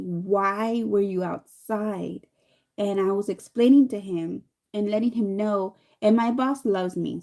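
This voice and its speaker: Woman in her 30s rambling thru a storytime while doing makeup, mellow warm voice, keeps quoting people. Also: medium pitch. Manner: chatty, rambling, animated quoting. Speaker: vlogger.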